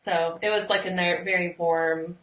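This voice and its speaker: A woman's voice: lowish voice, steady tone, moderate pace, fairly bright tone. A woman hosting a casual interview, a chatty storyteller who laughs often. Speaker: interview host, former nanny. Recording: echoey room, distant mic.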